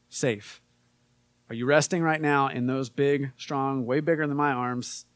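A man preaching a casual sermon, relaxed and conversational with frequent fillers, and more emphatic when he reads scripture. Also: medium pitch, measured pace, dry recording. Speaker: pastor.

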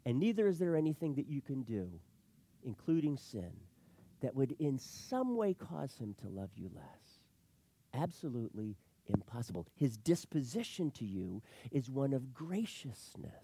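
A middle-aged man pastor preaching a sermon, animated, swinging between loud emphatic lines and hushed asides. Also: fairly high pitch, moderate pace, dry recording, studio quality.

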